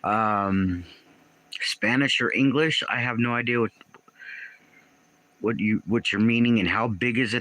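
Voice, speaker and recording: Bright-toned man chatting on a livestream. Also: on the low side, unhurried, long pauses, no room sound, rough recording. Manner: reads out and answers viewer comments, often confused. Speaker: livestream host. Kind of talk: casual livestream chat with viewers.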